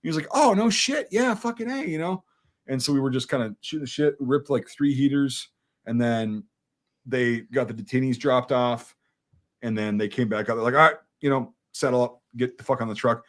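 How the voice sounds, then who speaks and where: With a mid-range voice and a fairly quick delivery, a veteran from Wisconsin spins a war story in easygoing conversation. He curses without restraint and animatedly acts out the dialogue of each person in the tale.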